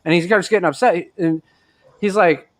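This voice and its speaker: A young man chatting casually with fellow riders, telling an animated story. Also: high-pitched, moderate pace. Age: young adult. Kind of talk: casual chat.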